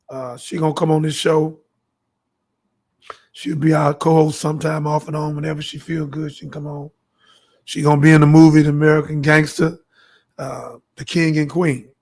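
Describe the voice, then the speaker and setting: A man's voice: on the high side, level tone, moderate pace, pauses often, darkish tone. A man hosting his own show, delivering a fervent, preachy monologue and acting out the dialogue in his stories. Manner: fervent, storytelling, acts out dialogue. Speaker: show host.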